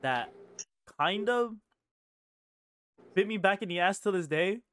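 A man's voice: high voice, expressive, takes it slowly, fairly bright tone, clear, resonant tone. A young man co-hosting a casual podcast chat, rambling and filling his talk with "like". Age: young adult. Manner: rambling, heavy use of "like", laughs often. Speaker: podcast co-host.

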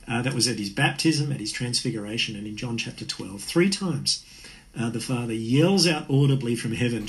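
A man's voice: medium pitch, moderate pace, rough recording. A man preaching an earnest, conversational sermon. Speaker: pastor.

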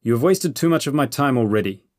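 A man voicing a cold, imperious sorcerer lord. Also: fairly low pitch. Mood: cold menacing. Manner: icy, imperious, drawn-out threats. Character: cold menacing masked male sorcerer lord.

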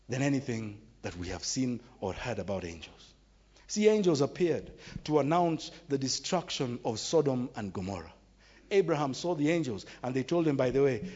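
A man's voice: mid-range voice, sing-song, normal speed, a little mellow, husky. A man preaching a sermon with emphatic, repetitive, exclamatory delivery. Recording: dull recording in a reverberant hall.

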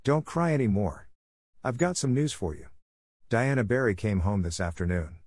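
A man voicing a stern, brisk older spinster woman who talks in a curt, reproving way in a storybook reading. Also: on the low side, animated, a little mellow, no echo, clean studio sound. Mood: scolding.

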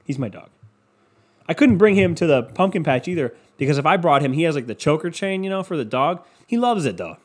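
A man's voice: on the high side, expressive, a little fast, slightly rough. A man rambling through a casual solo monologue at home, swearing often and putting himself down. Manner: rambling, profane, self-deprecating.

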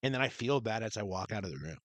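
A young man co-hosting a casual podcast, blunt and swearing, often trailing off quietly. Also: lowish voice, lively intonation, fast, dry recording. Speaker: podcast co-host. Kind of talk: casual chat.

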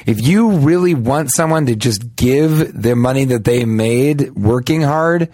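A man's voice: medium pitch, measured pace, hardly any pauses, warm tone, no echo. Rambling comedian man, dry mic. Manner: rambling storyteller, mocking impressions. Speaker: comedian podcast co-host. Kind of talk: casual comedic banter.

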